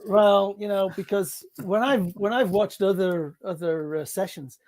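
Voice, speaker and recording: A Northeast English man with a high-pitched voice speaks as an interview guest. He stops and repeats words often, but he stays good-humored throughout. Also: steady tone, unhurried, a little mellow. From Northeast England. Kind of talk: interview conversation.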